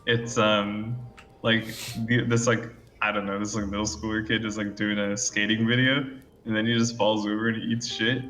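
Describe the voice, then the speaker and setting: A man co-hosting a podcast, telling stories in an animated way and leaning on crude jokes. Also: lowish voice, normal speed, faint music behind. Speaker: podcast co-host. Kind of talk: casual podcast chat.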